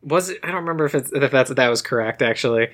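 A man's voice: medium pitch, rapid-fire, a bit bright. A man co-hosting a podcast, recapping a movie in casual chat, rambling and correcting himself with jokes. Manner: rambling, self-correcting, joking. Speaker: podcast co-host.

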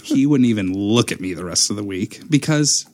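Man with a lowish voice telling a story. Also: brisk. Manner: animated storyteller, acts out quotes. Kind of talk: casual storytelling chat.

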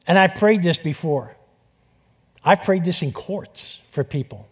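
A man's voice: fairly high pitch, lively intonation, measured pace, slightly rough. A man with a New York accent preaching a sermon with passion, repeating phrases for emphasis. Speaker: pastor.

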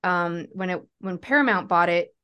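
A woman's voice: on the low side, moderate pace, bright, forceful tone, smooth. A woman co-hosting a casual podcast, talking emotionally and hesitantly. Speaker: podcast co-host. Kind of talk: casual chat.

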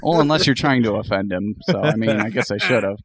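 A man's voice: lowish voice, expressive, fast, a bit bright. A man co-hosting a podcast, chatting casually and rambling with fillers. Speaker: podcast co-host. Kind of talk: casual chat.

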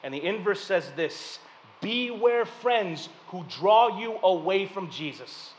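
A man in his thirties preaching a sermon, telling personal stories with lively swings between loud punchlines and hushed reflection. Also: high-pitched, slow pace, in a large hall, rough recording. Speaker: pastor.

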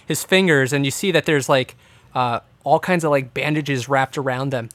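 A man's voice: mid-range voice, normal speed, fairly bright tone, no room sound. A man narrating as game master in a tabletop game, descriptive and with filler words.

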